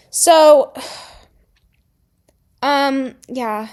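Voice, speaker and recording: Chatty young woman vlogger, fairly high voice. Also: a little slow. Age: young adult. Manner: chatty, heavy "like" fillers, exasperated outbursts. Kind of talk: casual storytelling vlog.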